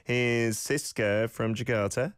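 A man's voice: mid-range voice, fairly even intonation, takes it slowly, clear, resonant tone. A male host who teaches phrases and gives playful, teasing feedback on listener clips, with exaggerated example intonation. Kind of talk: casual radio-style teaching.

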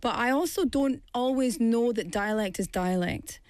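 A woman co-hosting a casual chat podcast with a hoarse throat, upbeat and chatty. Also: on the high side, moderate pace, a little mellow, no echo. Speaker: podcast co-host.

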